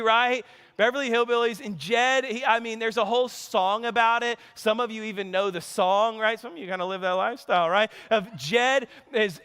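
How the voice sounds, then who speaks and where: A man preaching a sermon as pastor, telling stories with animated delivery and acting out characters' voices. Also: very high voice, smooth, in a large hall. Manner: energetic storytelling preacher, acts out characters' lines. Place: church sanctuary.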